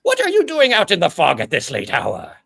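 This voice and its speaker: A game master voicing a giant floating orb with eye stalks who is mayor of a town, formal and doting, speaking in a high lilting voice and calling itself by name. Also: huge pitch swings, a little fast, gravelly, breathy edge, heavily acted. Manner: stiff, courtly phrasing, addresses people by species.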